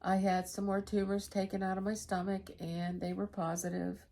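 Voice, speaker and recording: A woman's voice: mid-range voice, little pitch movement, normal speed, vocal fry, warm tone. A middle-aged woman chatting candidly to camera in a home vlog, telling stories about her everyday life. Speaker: vlogger. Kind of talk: casual chat to camera.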